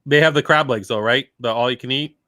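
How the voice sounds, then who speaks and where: A man's voice: mid-range voice, fast talker, bright, forceful tone. A man hosting a casual livestream chat on a video call, talking animatedly and laughing often. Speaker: host.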